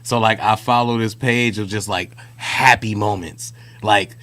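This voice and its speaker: Man, podcast co-host, casual chat, slangy storytelling, bright voice. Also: fairly low pitch, steady tone, a little slow.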